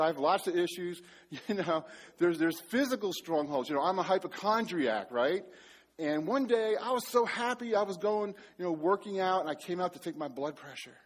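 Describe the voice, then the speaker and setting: A man preaching a sermon as pastor to a live congregation, telling stories in an animated, self-mocking way and joking with the audience. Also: sits high. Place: church before a live audience.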